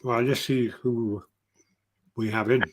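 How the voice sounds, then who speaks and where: A man hosting a podcast, rambling through profane, casual stories with quick asides. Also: medium pitch, fairly even intonation. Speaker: podcast host. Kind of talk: casual chat.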